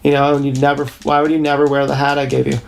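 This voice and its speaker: A man talking in a rambling, confessional livestream monologue, full of halting restarts, on an action camera with faint noise behind. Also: mid-range voice, monotone, vocal fry.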